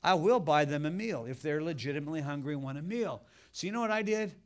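A man preaching with a slightly higher voice than most men. He tells his sermon as folksy, animated stories and talks straight to the congregation. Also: fast. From United States. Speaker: pastor.

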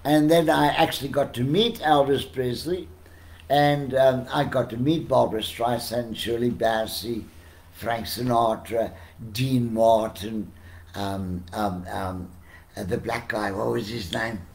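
Older man, South African accent, chuckling storyteller, mid-pitched voice. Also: slow pace, gravelly. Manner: animated, chuckling storyteller who acts out quotes. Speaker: podcast guest. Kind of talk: casual storytelling.

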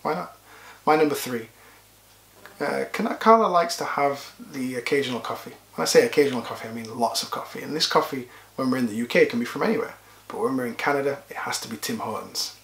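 A man's voice: medium pitch, quick pace, creaky, a bit bright. A man from the UK co-hosting a casual couple's vlog, dry and sarcastic. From UK, Yorkshire. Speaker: vlog co-host. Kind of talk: casual chat. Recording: echoey room.

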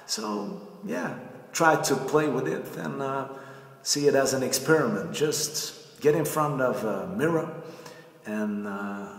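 A man giving a casual acting tip, unhurried, with many fillers and pauses. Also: medium pitch. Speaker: acting coach. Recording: echoey room with long reverb.

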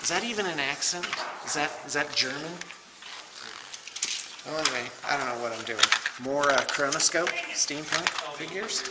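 Man, middle-aged, slightly high voice, casual self-mocking chat, noisy recording. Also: expressive, moderate pace, pauses often. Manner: joking, rambling, self-mocking. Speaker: studio owner unboxing miniatures.

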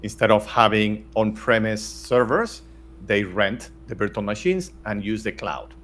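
A man's voice: fairly low pitch, a little slow, a bit bright, slight background noise. A middle-aged man from Spain, talking bluntly as an interview guest with many restarts. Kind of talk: casual interview talk.

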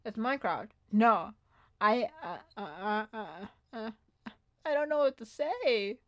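A woman with a high, light voice chats through a gaming livestream. She talks to herself as she plays, easily excited, with frequent gasps. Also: takes it slowly. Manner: excitable, gasping, talks to herself while playing. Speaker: streamer. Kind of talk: casual gaming livestream chatter.

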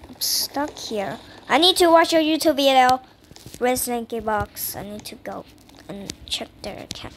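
A young woman giving casual gameplay commentary, excitable and repeating herself, sometimes dropping to a whisper. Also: high-pitched, normal speed, background noise. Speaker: gamer.

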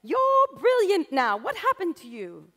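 A shrieking, scornful art teacher. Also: female voice, very high-pitched, wildly swooping pitch, measured pace, a bit bright, voice pushed up, exaggerated voice. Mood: astonished. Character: shrill, harsh female art teacher.

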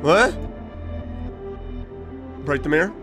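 A man giving let's play commentary, thinking aloud and bursting into high-pitched, confused panic. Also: lively intonation, slow, music in the background. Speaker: game streamer.

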